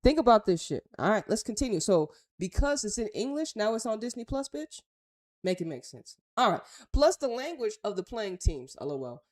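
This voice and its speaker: A woman's voice: medium pitch, big pitch swings, moderate pace, darkish tone. A woman with an American accent hosting a casual talk show, reading news aloud and reacting bluntly in slangy, offhand remarks. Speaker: host.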